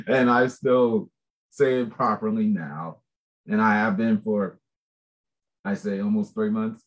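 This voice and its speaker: A man chatting casually about a book project, rambling, animated and laughing often. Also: fairly low pitch, takes it slowly, long pauses. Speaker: book contributor. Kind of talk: casual chat.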